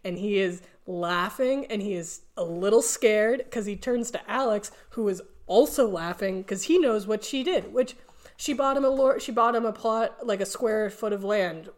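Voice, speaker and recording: A young adult woman co-hosting a casual podcast, talking with enthusiasm and laughing easily. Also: mid-range voice. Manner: enthusiastic, gushing, quick to laugh. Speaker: podcast co-host.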